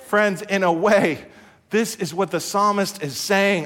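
Pastor, middle-aged man from the US, slightly raised pitch, earnest sermon delivery with call-and-response. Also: steady tone, measured pace, fairly bright tone.

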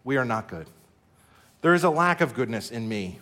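A man's voice: medium pitch, big pitch swings, moderate pace, a bit bright. A middle-aged man from the United States preaching a sermon as pastor, earnest, leading the congregation in call-and-response.

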